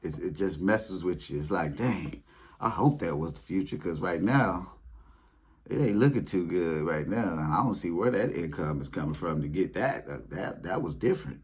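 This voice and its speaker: Husky man telling wild stories. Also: normal speed. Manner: animated, acts out his own past reactions in a high voice. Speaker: spiritual video creator. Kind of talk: casual storytelling monologue.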